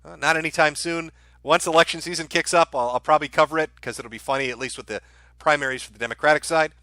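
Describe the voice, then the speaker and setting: A man on a casual livestream reads out viewer donations and answers them with dry, sarcastic quips. His voice sits a little high and sounds bright and forward. The recording is dry and close, with no room sound. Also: fast talker, no room sound. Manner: dry sarcastic asides between read-out messages. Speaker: streamer reading donation messages.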